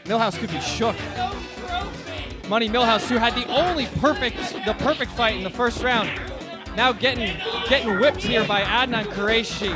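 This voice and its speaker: Excitable man calling a game tournament, high voice, shouting highlights over loud music and a roaring crowd. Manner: excitable, shouts big moments, quick to agree with co-host. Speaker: play-by-play commentator. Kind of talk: energetic tournament commentary.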